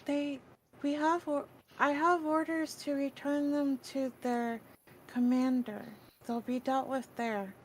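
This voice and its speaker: A woman playing a character in a tabletop game, speaking slowly and playfully. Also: sits high, flat delivery, slight background noise. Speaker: player.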